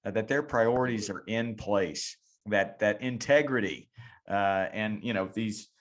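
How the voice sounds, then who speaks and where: A man's voice: on the low side, unhurried. A man hosting a coaching podcast, speaking in a reflective, encouraging way. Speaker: podcast host. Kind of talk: casual chat.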